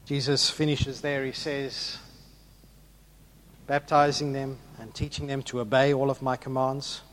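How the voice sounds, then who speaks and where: A man preaching a sermon, swinging between loud rousing questions to the congregation and hushed, emphatic passages. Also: mid-range voice, level tone, measured pace, a little hiss or hum.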